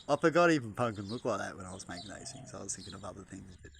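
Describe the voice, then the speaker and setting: A man's voice: sits low, gravelly, background noise. A man vlogging outdoors in a backyard in a casual, jokey way, chatting to camera and to the birds. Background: birds chirping.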